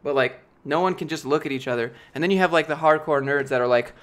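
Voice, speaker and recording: A man's voice: fairly high pitch, fast talker, hardly any pauses, fairly bright tone. Rambling, profane young man streaming. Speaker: streamer answering chat. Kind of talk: casual live-stream chat.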